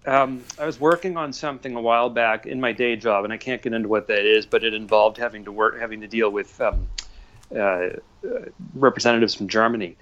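A man's voice: steady tone, fairly quick, a bit bright. Rambling forty-something man on a dull line. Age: 40s. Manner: rambling, chuckling storyteller with many fillers. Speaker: guest. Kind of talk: casual podcast chat. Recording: dull low-fidelity audio.

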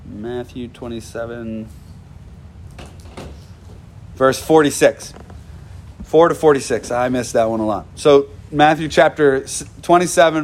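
A man's voice: a little high, slight background noise. A man preaching a sermon as pastor, conversational, with asides and self-corrections.

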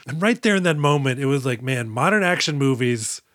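A man co-hosting a podcast, recapping an action movie in casual chat and slipping into quick mock voices. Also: medium pitch, a bit bright, no echo, studio quality. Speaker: podcast co-host.

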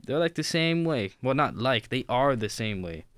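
A man's voice: mid-range voice, very animated, moderate pace, a bit bright, dry recording. A young man with a mid-range voice, ribbing his co-host on a podcast. He talks in an easygoing, teasing way. The recording is close and dry. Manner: teasing, laid-back. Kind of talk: casual chat.

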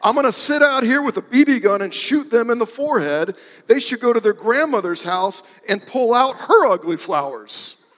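A man voicing a fuming, ornery neighbor woman who yells threats. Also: extremely high pitch, lively intonation, normal speed, in a large hall, voice pushed up. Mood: furious. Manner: yelling threats.

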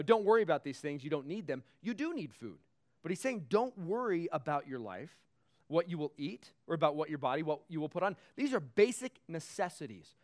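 A man preaching a conversational sermon, joking and reading scripture aloud. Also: a little high. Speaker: pastor.

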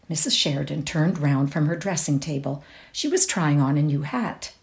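A woman reading a classic short story aloud in a measured, expressive way. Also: low-pitched. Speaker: reader.

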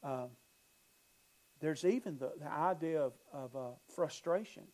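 A man's voice: fairly high pitch, measured pace, darkish tone, low-quality recording. A male pastor preaching a sermon, emphatic, repeating phrases and building emphasis.

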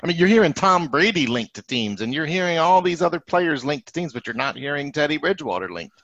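A man's voice: on the high side, very animated, quick pace, fairly bright tone, no room sound. A man talking casually on a sports podcast, often hedging with "I mean". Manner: conversational, hedges with "I mean". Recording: slightly dull lo-fi sound.

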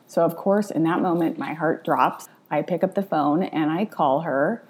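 A woman's voice: low voice, moderate pace, few pauses, breathy edge. A middle-aged woman hosting her own podcast, recounting a personal story in a conversational way. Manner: conversational, recounting events with feeling. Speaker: podcast host.

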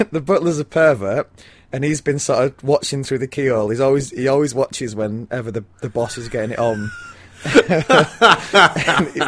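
A man's voice: medium pitch, measured pace, a bit bright. A man co-hosting a casual book chat, rambling with bawdy, giggly storytelling. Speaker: podcast co-host. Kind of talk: casual chat about a mystery novel.

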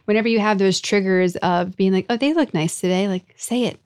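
A woman's voice: medium pitch, brisk, a little mellow, smooth. A woman hosting a casual chat, talking in an encouraging, conversational way with many fillers.

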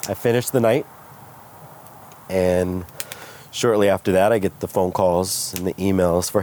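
Lively low-voiced man telling his story. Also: measured pace, pauses often, slight background noise. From California. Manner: animated, acts out quoted voices. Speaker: guest entrepreneur. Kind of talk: candid storytelling. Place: outdoors by a smoky fire.

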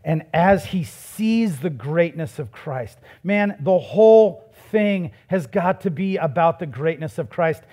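High-voiced man preaching a sermon. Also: animated, takes it slowly, hardly any pauses, warm tone, breathy edge. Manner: conversational preaching that builds to emphatic, raised passages. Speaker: pastor.

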